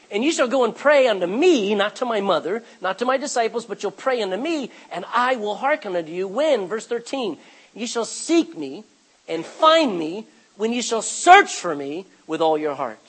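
A husky-voiced man in middle age preaching a sermon. His pitch sits high and rises and falls widely, and he breaks from quiet asides into sudden loud cries. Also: rough recording. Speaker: pastor.

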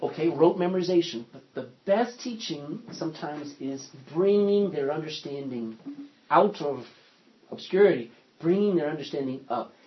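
A man teaches a Bible study class, reading verses aloud and questioning his group. His voice is husky and sits a little high. The recording sounds dull and lo-fi. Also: expressive, moderate pace. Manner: reads scripture aloud, asks the class questions.

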